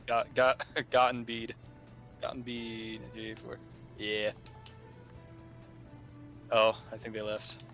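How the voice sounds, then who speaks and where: A man's voice: on the low side, level tone, slow pace, pauses often, fairly bright tone, soft background music. A man joining a casual gaming stream and trading laid-back jokes with the host.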